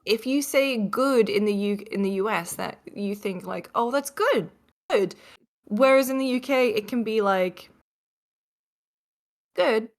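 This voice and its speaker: A woman's voice: medium pitch, moderate pace, few pauses. Chatty British woman telling a story. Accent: softened British English. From northeast England. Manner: chatty, rambling storyteller with fillers. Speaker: podcast guest. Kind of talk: casual chat.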